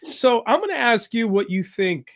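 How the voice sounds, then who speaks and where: A man's voice: extremely high pitch, sing-song, moderate pace. A man hosting a podcast interview, joking around, laughing easily and asking blunt questions. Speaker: podcast host. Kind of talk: casual interview chat.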